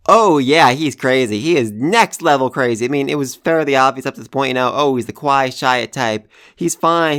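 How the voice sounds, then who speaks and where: A man talks through an anime episode review with a smooth, clear voice at a medium pitch. He swings from hushed, sighing lines to loud, excited outbursts.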